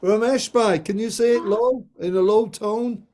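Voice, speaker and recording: A man guides a group through a scripture story, reading slowly and pausing without hurry. His voice is high but soft and mellow, with a steady tone, and he sometimes breaks off for playful asides.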